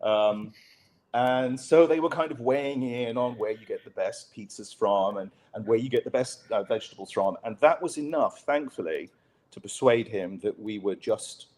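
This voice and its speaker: Low-voiced man telling a candid story. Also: normal speed, darkish tone. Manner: candid, self-deprecating anecdote telling. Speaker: guest journalist. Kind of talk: conversational storytelling.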